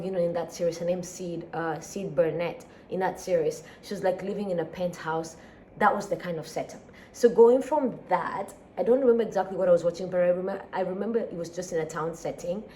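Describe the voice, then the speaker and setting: A woman's voice: fairly low pitch, a little hiss or hum. Sleepy East African woman vlogging. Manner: relaxed, rambling, sighs and laughs often. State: sleepy and tired. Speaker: daily vlogger. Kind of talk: casual chat.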